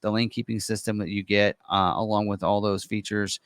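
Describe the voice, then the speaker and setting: A man giving a casual, unscripted walkthrough of an online configurator, chatty and full of ums and quick self-corrections. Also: fairly low pitch, level tone, a bit bright, dry recording, studio quality. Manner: casual and chatty, many ums and uhs, corrects himself on the fly. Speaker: car presenter walking through an online configurator.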